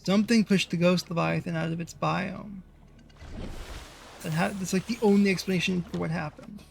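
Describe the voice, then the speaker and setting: High-voiced gravelly man streaming a game. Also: steady tone, normal speed, slight background noise. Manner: rambling, swears, talks to himself while playing. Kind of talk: live gameplay commentary.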